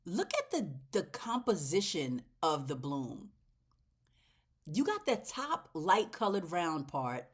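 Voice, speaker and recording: Expressive woman plant vlogger. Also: lowish voice, slow, slightly rough. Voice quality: expressive, swinging between loud exclamations and soft near-whispers. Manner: chatty and heartfelt, talking straight to viewers as y'all. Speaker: plant channel host. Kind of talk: casual plant vlog.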